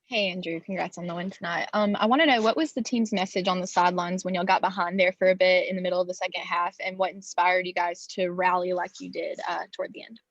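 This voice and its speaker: A woman reporter asking a question at a postgame press conference over a video call, in a quick, friendly way. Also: on the low side, steady tone, no echo. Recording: dull dry video call audio.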